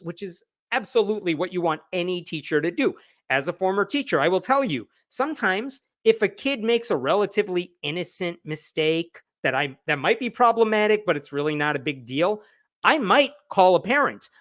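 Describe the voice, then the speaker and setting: A man hosting a live news roundup, retelling a story with wry, animated commentary and quick acted-out quotes. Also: sits high, no echo, clean studio sound. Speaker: news show host.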